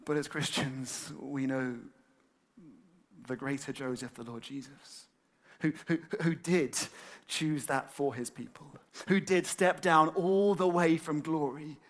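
A man preaching a sermon, animated and conversational, with many fillers and repeated words. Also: fairly high pitch, takes it slowly. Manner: animated, acts out excited quotes.

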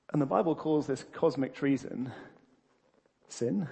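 A man preaching a sermon, animated and laughing often, with frequent restarts and fillers. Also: medium pitch, unhurried, gravelly, breathy edge.

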